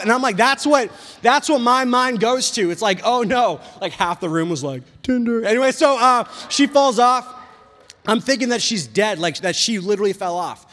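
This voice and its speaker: A man's voice: very high voice, normal speed. A man, a youth pastor, giving a casual sermon. He rambles and fills his talk with "like". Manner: animated, rambling, heavy use of "like". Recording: long reverb of a large hall.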